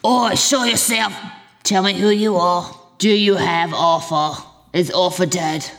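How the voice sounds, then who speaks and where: A woman's voice: on the low side, unhurried, long reverb tail, faint music behind. A woman voicing a brash, streetwise male explosives expert calling out to strangers. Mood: challenging. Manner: loud, shouting challenges.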